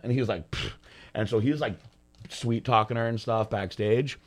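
A man co-hosting a podcast, telling a long story in casual, profane, animated chat. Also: medium pitch, brisk. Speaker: podcast co-host.

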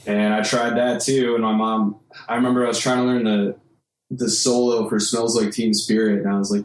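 A man's voice: on the low side, level tone, normal speed. A man from Michigan, a guest musician, chatting casually and rambling with a self-deprecating streak. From Michigan, United States. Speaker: guest musician, singer and guitarist. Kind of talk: casual podcast conversation. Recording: roomy echo.

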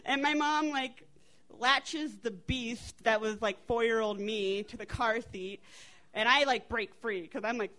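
An American woman in her twenties shares a humorous family tale from the stage, lively and conversational, punctuated by laughs and swearing. She has a higher-leaning voice and an unhurried delivery.

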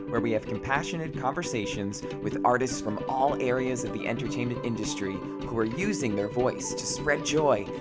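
A man hosting a podcast, bubbly and playful as he opens the show. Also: medium pitch. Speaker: podcast host. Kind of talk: podcast intro and chat.

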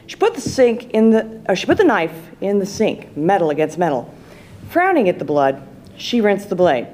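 A woman, an author, reading her short story aloud in a plain, low-key delivery. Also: sing-song, moderate pace, darkish tone, slight background noise.

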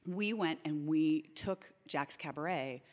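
A middle-aged woman, a guest in a casual podcast conversation, telling animated, self-deprecating stories. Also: deep voice, takes it slowly, long reverb tail.

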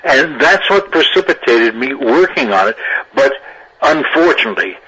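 An older man, an actor being interviewed, telling anecdotes in a lively way and laughing often. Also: medium pitch, normal speed, slight background noise, low-quality recording. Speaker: actor guest.

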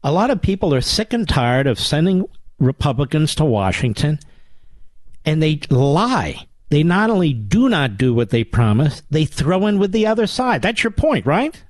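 A man's voice: fairly high pitch, sing-song, normal speed, no room sound. A man hosting a talk radio show, indignant and emphatic, repeating his points for effect. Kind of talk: talk radio monologue and calls.

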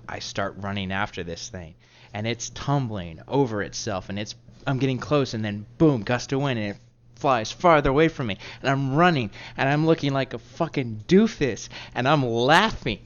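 A man's voice: mid-range voice, lively intonation, moderate pace, a bit bright, muffled recording. Laughing, crude man telling a story. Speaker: podcast co-host. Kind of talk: casual chat.

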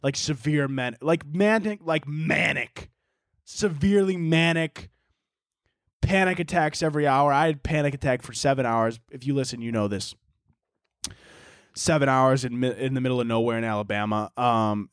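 A man's voice: mid-range voice, fairly quick, no echo, clean studio sound. A young man hosting a solo podcast, rambling casually, swearing often and laughing at his own jokes. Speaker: podcast host.

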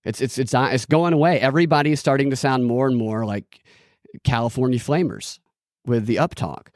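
A man hosts a podcast in casual chat, loose, sarcastic, and joking, with a medium-pitched, slightly mellow voice at a normal speed. The studio sound is clean, with no room sound.

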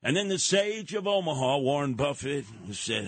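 A man's voice: a little high, sing-song, moderate pace, few pauses, no room sound. A man hosting talk radio, giving an emphatic, mocking, opinionated monologue. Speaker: radio talk show host.

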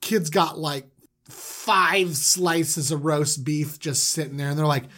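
A man retelling a story in a loose, comedic, conversational way. His voice sits a bit high, and he keeps it animated with quick jokes and asides.

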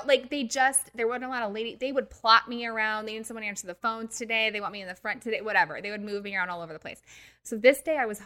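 A woman's voice: on the high side, bright, forceful tone. A woman co-hosting a casual chat, talking in a sympathetic, chatty way. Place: New York City.

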